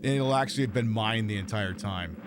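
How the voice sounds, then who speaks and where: A man commentating on a video game playthrough, jokey and profane, getting loud and excited at surprises. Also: on the low side, fairly quick, noisy background. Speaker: gameplay streamer. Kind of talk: let's-play commentary.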